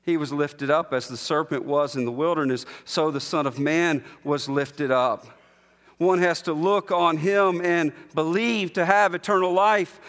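A man preaching a sermon as pastor, emphatic, slowing down to stress repeated lines. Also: high-pitched, a bit bright, long reverb tail. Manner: emphatic preaching with slow, drawn-out repetitions.

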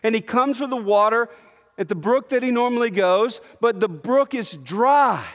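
A man's voice: extremely high pitch, normal speed. A man preaching a sermon, earnest and teaching, often restarting his phrases. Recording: long hall reverb.

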